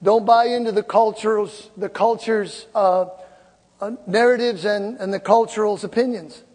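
The preacher, a woman in her sixties, has a mid-range voice with a steady tone and a slightly slow delivery. Her sermon to the congregation is emphatic and exhorting, punctuated by shouts and loud laughter. The sanctuary's long reverb and the congregation's murmur fill the recording.

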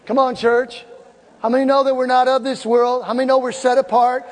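A woman's voice: sits high, flat delivery, fairly quick, a little hiss or hum. A woman in her sixties preaching an emphatic, exhorting sermon to her congregation. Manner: emphatic, exhorting, breaks into loud laughter and shouts. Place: church sanctuary with congregation. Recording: long hall reverb with congregation murmur.

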